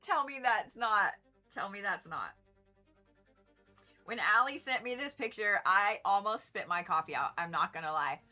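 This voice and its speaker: Bright-voiced chatty woman astrologer. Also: mid-range voice, expressive, normal speed, faint music behind. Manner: chatty, rambling, profane, laughing asides. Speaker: astrologer livestream host. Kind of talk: casual livestream chat.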